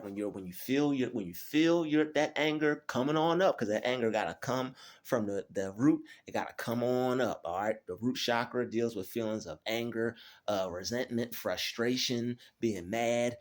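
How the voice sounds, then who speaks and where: A man hosting his channel, giving a motivational self-help talk, often checking in with "all right?" and slowing down to stress key phrases. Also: on the low side. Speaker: channel host.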